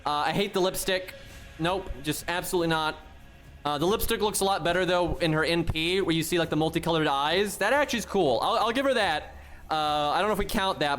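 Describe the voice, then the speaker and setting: A man with a notably high voice streams live and talks straight to his chat. His commentary is blunt, exasperated and peppered with swearing. Faint music plays behind him. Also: a bit bright. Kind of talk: casual livestream commentary.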